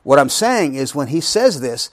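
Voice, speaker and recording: A man's voice: medium pitch, sing-song, normal speed, dry recording, clean studio sound. A middle-aged man teaching a Bible study, reading scripture aloud, then explaining it with rhetorical questions and frequent restarts.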